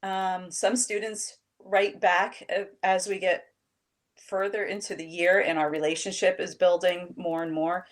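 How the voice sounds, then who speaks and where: A woman who teaches high school English, telling classroom stories in a casual, animated way and acting out what her students said. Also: a little slow. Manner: animated storytelling, acts out students' quotes. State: emotional, near tears. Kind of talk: casual chat.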